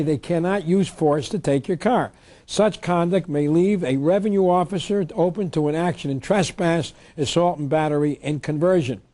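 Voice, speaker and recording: Man, public lecture, emphatic, fairly high voice, mellow warm tone. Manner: emphatic, reads statutes aloud. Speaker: lecturer on tax law.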